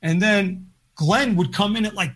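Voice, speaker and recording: Husky high-voiced man telling studio stories. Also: measured pace, a bit bright. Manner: rambling, many "like" fillers. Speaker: podcast guest, record producer. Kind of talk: casual storytelling.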